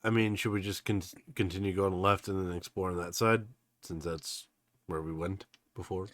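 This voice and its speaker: A man's voice: deep voice, steady tone, moderate pace, fairly bright tone, no echo. A man chatting casually as a player in a tabletop game, rambling a little with fillers. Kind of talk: casual chat among players.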